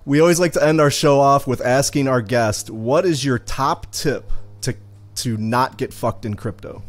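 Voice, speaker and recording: A man's voice: mid-range voice, moderate pace. A man co-hosting a podcast, easygoing and laughing along. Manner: easygoing, laughs at his own jokes. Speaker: podcast co-host. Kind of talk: casual banter.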